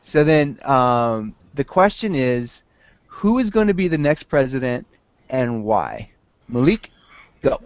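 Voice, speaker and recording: A man hosting a comedy panel game, calling on contestants in a brisk, dry way. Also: medium pitch, very animated, dry recording. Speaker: game show host. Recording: muffled lo-fi recording.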